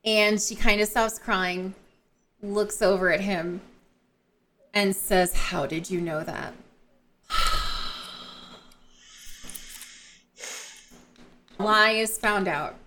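A woman co-hosting a book podcast, casually retelling and discussing the plot in an unhurried way. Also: medium pitch, steady tone, bright, forceful tone. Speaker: podcast co-host.

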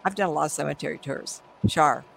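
A middle-aged woman who works as a psychic medium tells stories animatedly during a conversational interview, acting out the different voices. Her voice is low and gravelly, and she speaks quickly. The audio quality is poor, with slight background noise.

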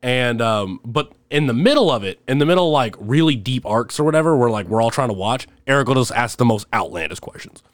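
A young man with a middle-pitched voice rambles through stories, laughing as he goes. He talks loosely and casually. The sound is close and dry, like a home podcast mic. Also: brisk, hardly any pauses, no echo. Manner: rambling, laughs often, animated when telling stories. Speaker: podcast guest. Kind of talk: casual storytelling chat.

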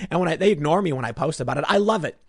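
Animated sarcastic male commentator. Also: fairly high pitch, rapid-fire, husky, dry recording, clean studio sound. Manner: sarcastic, mocking, swings between loud and muttered asides. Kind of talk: opinionated commentary vlog.

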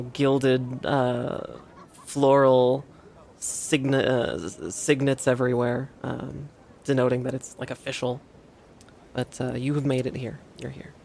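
A man narrating a tabletop game as game master, halting, with many fillers. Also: medium pitch, gravelly, darkish tone, a little hiss or hum.

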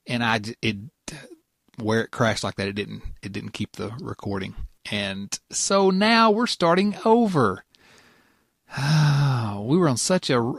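A man's voice: mid-range voice, animated, unhurried, a bit bright, dry recording, clean studio sound. A man hosting a casual podcast, rambling and laughing often as he tells a story. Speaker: podcast host.

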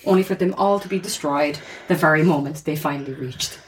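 A woman's voice: low-pitched, a little fast, a little hiss or hum. Chatty woman telling a story. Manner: chatty, giggly, animated storyteller. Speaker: podcast co-host. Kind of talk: casual storytelling chat.

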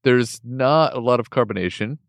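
A man's voice: mid-range voice, normal speed, no echo. A man co-hosting a casual podcast, reviewing a beer with frequent laughter and swearing. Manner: laughs often, profane, animated. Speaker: podcast co-host.

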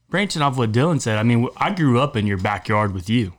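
A young man co-hosting a casual podcast chat, telling rambling, animated stories with plenty of cussing. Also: medium pitch. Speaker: podcast co-host.

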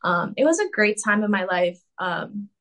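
Bright chatty young woman on a call. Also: lively intonation, normal speed. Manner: chatty, filler-heavy with lots of "like" and "um"; acts out quotes in a high mocking voice. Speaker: interview guest. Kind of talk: casual interview chat.

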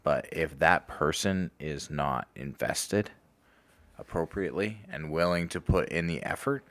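A man's voice: rumbling low, unhurried, no echo. A man hosting a podcast, talking casually and loosely, with lots of "like" in his speech. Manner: relaxed, lots of "like" fillers. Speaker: podcast host, alumni director.

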